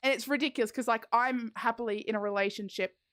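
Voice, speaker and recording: A woman's voice: a little high, fairly even intonation, quick pace, fairly bright tone. A woman streamer chatting casually while playing a game, rambling and giggling. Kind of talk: casual chat while gaming.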